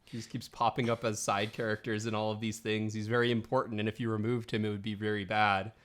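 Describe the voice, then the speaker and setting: A podcast co-host with a lowish, slightly bright voice talks fast in a level tone, chatting animatedly about films. He laughs often and fills his casual talk with "like."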